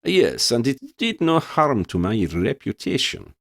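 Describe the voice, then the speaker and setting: A man voicing a male professor who can take a beast's shape, with a deep, sepulchral voice, a hint of an Italian accent and measured, formal courtesy. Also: very animated, creaky, fairly bright tone, no echo, studio quality, heavily acted. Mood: amused.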